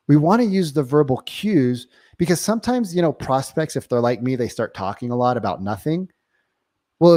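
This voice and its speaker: A man's voice: mid-range voice, darkish tone, no room sound. Emphatic man coaching sales, dry sound. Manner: emphatic, keeps checking in with "right?". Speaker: real estate sales trainer. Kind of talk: coaching monologue.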